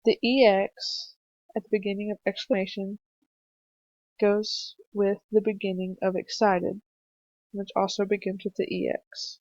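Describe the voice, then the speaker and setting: A young woman narrating a screencast punctuation lesson for children, explaining slowly and patiently with some fillers. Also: medium pitch, little pitch movement, a little mellow, dry recording. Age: young adult. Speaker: student teacher presenting a lesson. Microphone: computer mic for a screencast. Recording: dry, slightly dull home mic recording.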